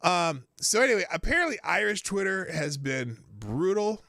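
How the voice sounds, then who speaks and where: Male live-show host, casual rambling commentary, sharp bright voice, dry close sound. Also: sits high, sing-song, normal speed, gravelly, no room sound. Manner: rambling, many fillers and restarts; chats with viewers, reads super chats.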